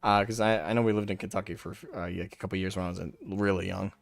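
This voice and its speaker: A man's voice: deep voice, steady tone, fast talker, creaky, dry recording, faint music behind. A man hosting a live stream, talking in a brash, mocking way and taunting people in a raised voice. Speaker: livestream host. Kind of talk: casual livestream commentary.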